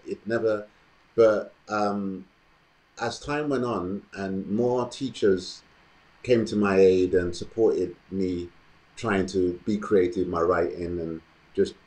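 A man, an actor telling his story as an interview guest in a thoughtful, measured way with frequent pauses and ums. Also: lowish voice, mellow, rough recording. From London, England.

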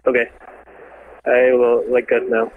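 A man's voice: medium pitch, monotone, unhurried. A man answering the restaurant phone, casual and a little hesitant. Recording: tinny phone line with faint noise.

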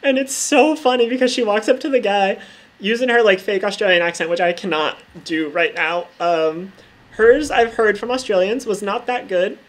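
A woman's voice: medium pitch, normal speed. A woman talking casually over her own gameplay as a vlogger, full of "like" fillers and freely swearing. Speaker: gaming vlogger.

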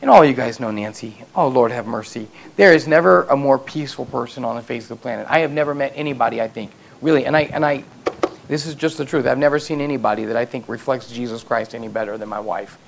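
Gravelly-voiced male pastor preaching. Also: medium pitch, fast talker, a little hiss or hum. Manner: storytelling, self-deprecating humor, voice rising to loud emphatic peaks. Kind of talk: sermon. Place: church sanctuary.

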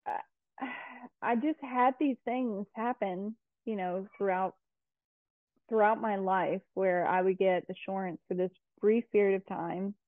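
A woman's voice: medium pitch, fairly even intonation, measured pace, no room sound. A woman guest in a casual interview, chatty and full of fillers and restarts. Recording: tinny phone-like line.

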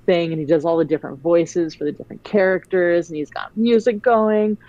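A woman guest in a casual chat, telling stories in a rambling, animated way. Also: lowish voice, brisk, no echo, dull audio.

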